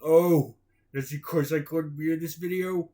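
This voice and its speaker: A storyteller voicing a dim-witted, happy male starfish with a slow, dopey delivery. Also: mid-range voice, fairly even intonation, warm tone, natural voice.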